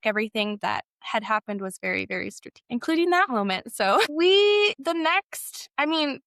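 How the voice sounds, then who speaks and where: A woman's voice: mid-range voice, fairly bright tone, no room sound, studio quality. A young adult woman sharing a personal story in a candid, hesitant way, with frequent fillers and self-corrections.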